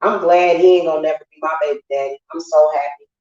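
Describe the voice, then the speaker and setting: Woman, casual livestream chat, blunt and cursing, lowish voice, roomy slightly dull sound. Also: fairly even intonation, fast talker, darkish tone. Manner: profane, blunt venting to viewers. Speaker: witch livestream host.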